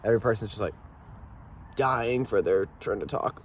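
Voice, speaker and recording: A man's voice: on the low side, normal speed, a little hiss or hum. A young man vlogging while hiking outdoors, chatting casually in a rambling, joking, candid way into a phone camera.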